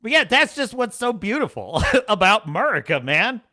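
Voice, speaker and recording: A man hosting a livestream show, chatting casually in a rambling, animated way and laughing often. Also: high voice, moderate pace.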